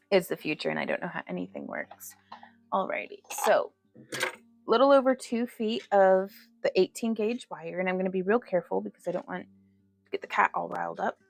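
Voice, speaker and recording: A woman's voice: fairly low pitch, vocal fry. A woman hosting a casual jewelry-making livestream from her home craft room, chatting with viewers, laughing often and cooing at her cat.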